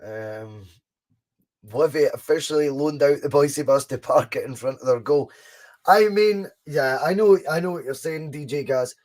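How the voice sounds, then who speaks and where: A young Scottish man hosting a live fan watchalong, chatting casually, reacting excitedly to the match and answering viewers' comments. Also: fairly high pitch, normal speed. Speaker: podcast host doing a live fan watchalong.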